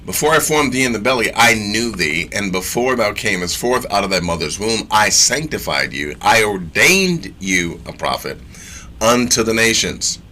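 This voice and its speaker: A man's voice: lowish voice, big pitch swings, normal speed, pushed and bright. A man teaching from scripture in a casual sermon, reading verses aloud and breaking in with slangy, emphatic asides and repeated phrases.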